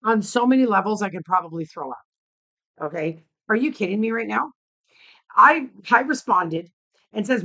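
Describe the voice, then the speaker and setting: A woman's voice: medium pitch, animated, normal speed, pushed and bright. A woman vlogger ranting to camera, heated and blunt, swearing often. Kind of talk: angry opinion rant to camera.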